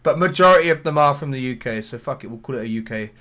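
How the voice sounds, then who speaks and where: Brief: podcast co-host, mid-pitched, rambling casual gamer chat. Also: male voice, expressive, fast talker, fairly bright tone. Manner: chatty, rambling, sweary.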